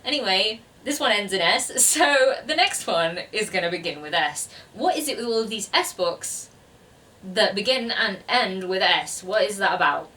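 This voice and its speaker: A woman's voice: mid-range voice, animated, moderate pace, bright, forceful tone, recorded from a distance. A woman chatting casually to camera about books on her shelves, rambling and self-deprecating. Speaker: BookTuber. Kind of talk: casual book chat to camera.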